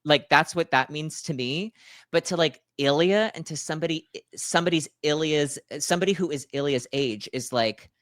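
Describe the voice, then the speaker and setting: A man in his thirties co-hosting a podcast, telling stories in an animated, playful way with acted-out asides. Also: fairly high pitch, brisk, dry recording, clean studio sound. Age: 30s. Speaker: podcast co-host. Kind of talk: casual chat.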